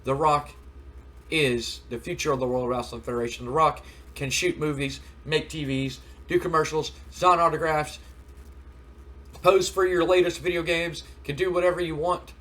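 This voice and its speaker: Man putting on a cocky wrestler voice, loud, high-pitched, boastful, third-person bragging. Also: steady tone, normal speed, close to an everyday voice. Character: impression of a brash cocky male wrestler.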